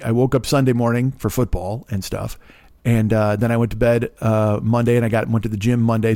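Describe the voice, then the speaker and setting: A man in his fifties talks alone into his podcast mic, smooth-voiced and loose. He swears constantly and wanders from tangent to tangent with sarcastic, animated asides. His pitch sits right in the middle. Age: 50s. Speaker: podcast host. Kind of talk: casual rambling monologue.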